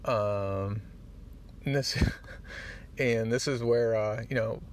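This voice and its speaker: A man hosting a podcast, retelling a comic book in a casual, animated way and getting choked up at the moving parts. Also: fairly low pitch, takes it slowly. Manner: animated storyteller, acts out the dialogue; easily moved, gets choked up. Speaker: podcast host.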